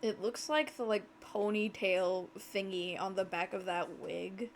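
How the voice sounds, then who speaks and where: A woman's voice: medium pitch, unhurried, a little hiss or hum. A woman streamer giving casual, chatty commentary while playing a game, laughing, swearing and reading dialogue aloud.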